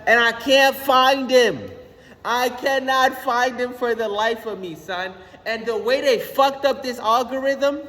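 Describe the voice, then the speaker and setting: A young man ranting casually on his own channel, animated and slangy, swearing often and repeating "son". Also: very high-pitched, takes it slowly, long reverb tail. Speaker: vlogger. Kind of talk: casual rant.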